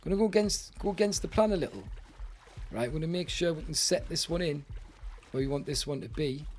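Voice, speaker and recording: British male streamer, slightly high voice, chatty and exasperated. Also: a little fast, a little mellow, a little hiss or hum. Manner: chatty, exasperated banter with viewers. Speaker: game streamer. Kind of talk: live gaming commentary.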